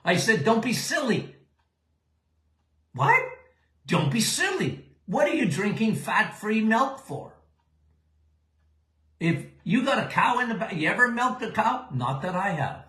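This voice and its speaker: A man's voice: sits high, very animated, measured pace, bright, forceful tone, echoey room. An older man hosting a live Q&A show as a doctor answering listener questions, folksy and emphatic, often checking in with "okay?".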